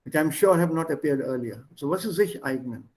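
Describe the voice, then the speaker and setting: A man's voice: on the high side, expressive, fairly quick, a little hiss or hum. A man teaching an online language class over a video call, explaining words one at a time and switching between languages.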